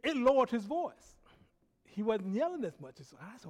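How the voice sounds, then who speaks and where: A man preaching a sermon, telling a personal story in an animated way, laughing often and dropping from loud bursts to hushed quiet. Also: extremely high pitch, normal speed. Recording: long hall reverb.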